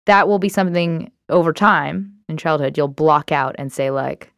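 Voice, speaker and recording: A woman's voice: deep voice, normal speed, vocal fry, clean tone, no room sound, studio quality. A woman giving casual, candid self-help advice on emotions, talking conversationally with frequent fillers.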